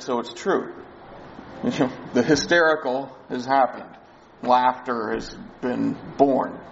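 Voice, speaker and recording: A man's voice: medium pitch, highs cut off, a little hiss or hum. A man preaching a sermon, explaining a Bible passage in a conversational way. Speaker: pastor.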